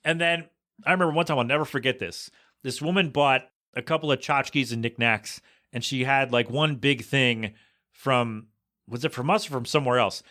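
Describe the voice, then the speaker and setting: A man's voice: mid-range voice, normal speed. A man hosting a podcast, rambling casually through a story and acting out what people said. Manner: animated storytelling, acts out quoted voices. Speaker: podcast host.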